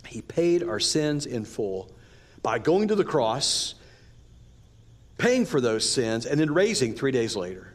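A man preaching a sermon, reading scripture and adding casual, animated asides to the congregation. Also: medium pitch, slow. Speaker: pastor.

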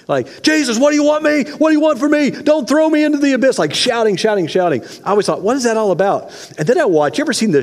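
A man preaching a sermon as pastor, folksy and animated, acting out the shouts in the story. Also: fairly high pitch. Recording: long reverb of a large hall.

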